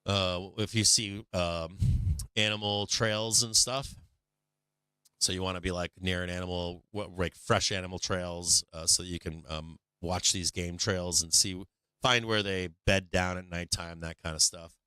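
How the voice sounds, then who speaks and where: A man's voice: low-pitched, fairly even intonation, measured pace, sharp tone, clear, resonant tone, no echo, clean studio sound. A man hosting a live stock market stream, telling a rambling, profane story with lots of fillers between market remarks.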